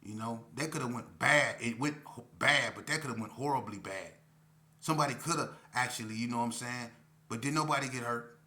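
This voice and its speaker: Middle-aged guy telling a street story, slangy and laid-back, bright punchy voice. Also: medium pitch, fairly quick. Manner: laid-back, slangy, many "you know" fillers.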